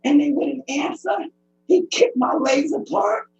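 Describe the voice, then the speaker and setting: A middle-aged woman from the United States giving emotional, pleading personal testimony as a public commenter, her speech halting. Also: high voice, animated, creaky, darkish tone. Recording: dull lo-fi recording.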